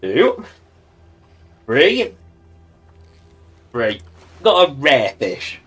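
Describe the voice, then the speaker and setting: A man's voice: mid-range voice, big pitch swings, takes it slowly, pauses often, fairly bright tone, faint music behind. A man giving casual, joking commentary while livestreaming a game and talking to its characters. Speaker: streamer.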